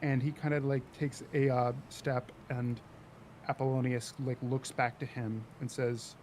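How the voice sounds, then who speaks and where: A man running a tabletop game as game master, his voice sitting at an ordinary pitch. He narrates loosely, with plenty of ums and likes. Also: little pitch movement, measured pace, darkish tone, slight background noise. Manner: loose, filler-heavy narration.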